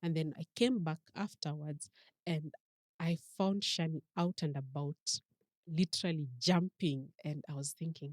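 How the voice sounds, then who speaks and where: Low-voiced Kenyan woman telling a story. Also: normal speed, no echo. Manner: lively storyteller acting out quoted voices. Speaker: podcast guest. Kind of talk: storytelling interview.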